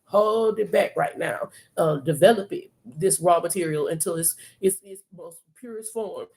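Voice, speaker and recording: A woman's voice: fairly low pitch, normal speed, gravelly, a little mellow. A woman reading tarot on a live stream, coaching the viewer in an emphatic, streetwise, profane way and repeating phrases for emphasis. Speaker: tarot reader.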